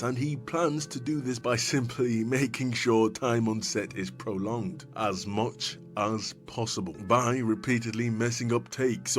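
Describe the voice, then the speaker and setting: A man narrating a scripted video essay, recapping scenes in a playful way with jokey asides and mock scolding. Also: mid-range voice.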